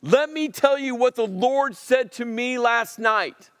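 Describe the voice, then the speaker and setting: A man's voice: very high-pitched, slow, clean tone, no echo, studio quality, in a large hall, voice pushed up, exaggerated voice. A man preaching, voicing a stern old prophet who indignantly rebukes a king. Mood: rebuking. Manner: indignant, forceful.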